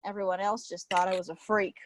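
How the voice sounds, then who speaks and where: A woman's voice: mid-range voice, flat delivery, fast, slight background noise, close to an everyday voice. A woman playing a nervous young man with OCD who stammers and talks in a folksy, put-on Texan drawl, in a live play reading.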